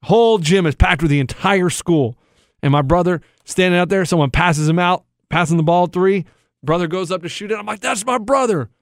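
A man telling animated stories in casual chat, swearing freely. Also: sits high, a little fast, no room sound, studio quality.

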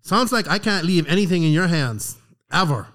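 A middle-aged man telling a story on a podcast, animated and profane, acting out the lines of the people in it. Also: high-pitched, moderate pace. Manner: animated, profane, acts out quotes. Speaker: podcast co-host. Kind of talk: casual storytelling chat.

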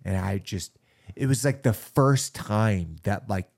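A man with a fairly low voice hosting a casual chat. He gets excitable while telling his own story, with plenty of swearing and laughter. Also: takes it slowly, gravelly.

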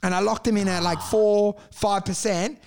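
High-pitched middle-aged man, brash raconteur, swears freely, laughs through his tales. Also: moderate pace. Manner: crude, animated, laughs through stories. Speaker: guest telling stories. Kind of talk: casual storytelling chat.

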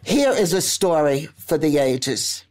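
A woman's voice: sits low, slow pace, soft background music. A woman in her eighties, a grandmother co-hosting a casual chat, telling stories and acting out the voices of the people in them. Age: 80s. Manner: animated storyteller who acts out quoted voices and laughs often. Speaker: grandmother and co-host.

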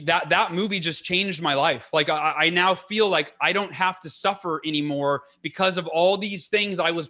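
A man's voice: high voice, pushed and bright. A man being interviewed as a guest on a podcast, talking in an earnest, enthusiastic way and often restarting his sentences. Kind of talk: casual interview talk.

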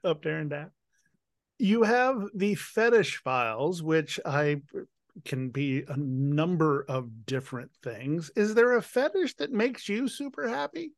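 Slow-talking high-voiced male host. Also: expressive, no room sound, clean studio sound. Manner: slow, drawn-out and effusive. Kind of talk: casual interview chat.

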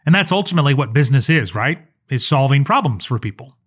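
A man's voice: mid-range voice, expressive, fast, breathy edge. A man hosting a solo podcast as a social media coach, talking in an earnest, conversational way with personal stories. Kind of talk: solo podcast teaching talk.

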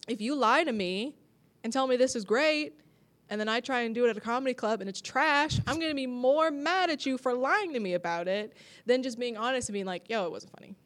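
A woman's voice: on the high side, lively intonation, fairly quick, a bit bright. Laughing woman comedian in casual chat. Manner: laughs often, acts out quoted people. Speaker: comedian, podcast guest.

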